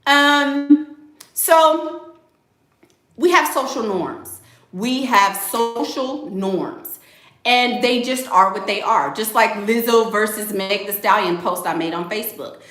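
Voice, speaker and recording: A woman's voice: mid-range voice, unhurried, echoey room. A young woman hosting a casual livestream, reading out donations and talking emphatically, repeating her points and saying "y'all" often. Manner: animated, emphatic, repeats phrases, Southern US slang like "y'all".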